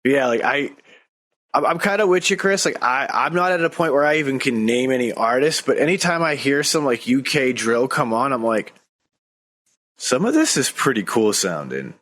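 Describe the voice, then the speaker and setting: Man, podcast co-host, casual chat, enthusiastic, digressive, mid-range pitch. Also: a little fast, a bit bright. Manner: enthusiastic, chatty, drifts into side stories.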